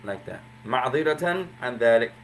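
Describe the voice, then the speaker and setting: Arabic teacher explaining phrases patiently. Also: male voice, mid-range voice, animated, a little hiss or hum. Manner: explains slowly, repeating phrases. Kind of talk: classroom lesson.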